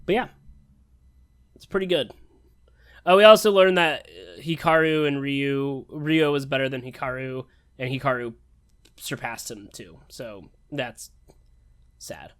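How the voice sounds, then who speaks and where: A man's voice: medium pitch, measured pace, long pauses, fairly bright tone, no room sound. Podcast co-host, man, loose and profane, recaps with tossed-off quoted asides, dry close sound. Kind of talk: casual anime review chat.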